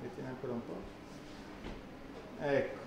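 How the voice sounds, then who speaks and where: A man's voice: mid-range voice, slow, vocal fry, roomy sound, heavy background noise. A man with an Italian accent hosting a live cooking class, joking and exclaiming in Italian.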